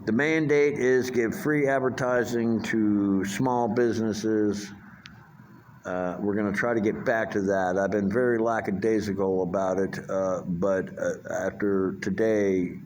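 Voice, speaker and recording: A man's voice: on the low side, steady tone, a little slow, a little mellow, a little hiss or hum. Rambling, profane older man. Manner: profane, rambling, full of fillers and restarts. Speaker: vlogger. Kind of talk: rambling casual monologue.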